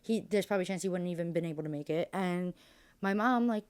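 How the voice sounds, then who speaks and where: A woman's voice: lowish voice, quick pace, darkish tone, clear, resonant tone. A young woman as a podcast guest, speaking candidly and emotionally, rambling with lots of fillers. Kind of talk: candid interview conversation.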